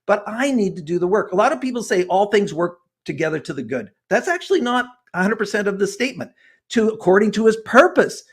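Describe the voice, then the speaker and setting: A man's voice: high-pitched, very animated, fairly quick, breathy edge. A man in his sixties, a guest author speaking in an interview, earnest and fervent, talking like a preacher. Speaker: guest author and personality expert. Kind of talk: passionate interview talk.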